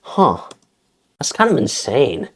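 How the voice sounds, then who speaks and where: A young man hosting a reaction video, chatting casually in a jokey, animated way. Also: mid-range voice, slow pace, husky. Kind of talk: casual chat. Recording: talk over loud background music. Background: background music.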